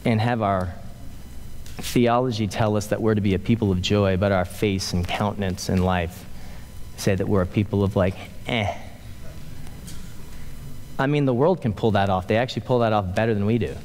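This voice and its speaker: A man's voice: fairly low pitch, steady tone, brisk, darkish tone, a little hiss or hum. A man preaching a sermon as a pastor, conversational and joking, then building to emphatic peaks. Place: church sanctuary. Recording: long hall reverb.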